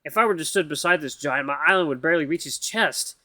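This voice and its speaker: A man's voice: fairly high pitch, fast talker, sharp tone, dry recording. Casual man reading a game aloud. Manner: casual, tired, stumbles over words. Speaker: gaming YouTuber. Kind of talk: reading a visual novel aloud.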